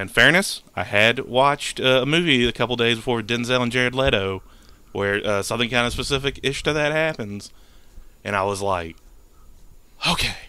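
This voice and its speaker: A man with a bright, forward voice chats on a podcast, clean and crisp in tone. He tells a long story in a lively way, acting out the quoted lines, and the close mic sounds dry with no room around it. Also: medium pitch, dry recording. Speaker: podcast co-host. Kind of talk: casual podcast chat, telling a dream.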